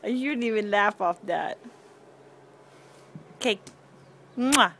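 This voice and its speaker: A woman's voice: fairly high pitch, expressive, normal speed, fairly bright tone, slight background noise. A mother filming a home video on an outdoor lanai, coaxing her toddler in a playful sing-song way to blow kisses and say bye-bye. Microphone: handheld camera.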